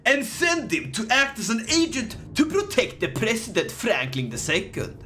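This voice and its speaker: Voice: medium pitch, sing-song, normal speed, hardly any pauses, over music. A gaming channel host giving scripted, joking narration of a strategy game playthrough. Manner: playful, jokey, does silly voices. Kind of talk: scripted gameplay narration with jokes.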